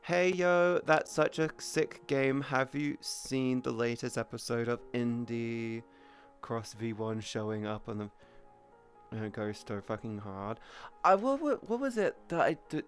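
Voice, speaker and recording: A woman's voice: extremely low pitch, expressive, a little slow, faint music behind. A young woman chatting on a live stream, playful and crude, calling her chat sweetie and baby. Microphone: headset boom mic.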